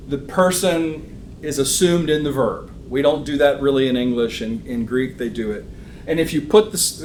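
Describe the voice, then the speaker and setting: Man teaching a Bible class in an echoey room. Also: medium pitch. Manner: conversational, checks in with "okay?", frequent ums. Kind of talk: church Bible lesson. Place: church classroom with a live audience. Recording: roomy echo, faint room noise.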